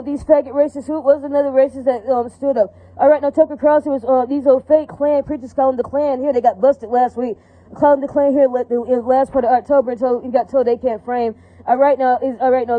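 Woman, rapid rambling profane rant, high voice, dry tinny recording. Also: no echo. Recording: tinny phone-like audio, dry.

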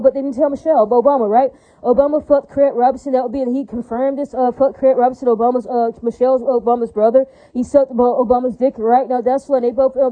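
A woman in a rambling, agitated monologue, repeating herself and tagging her points with questions. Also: high voice. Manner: repetitive, rambling, with constant tag questions; agitated, profane. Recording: tinny phone-like audio.

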